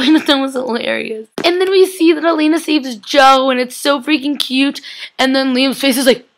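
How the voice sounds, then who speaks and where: A young woman gushes through a casual TV episode recap, voice pitched a touch high and full of vocal fry. She talks in a chatty, excitable way, slipping into quick impressions of the characters. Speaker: vlogger.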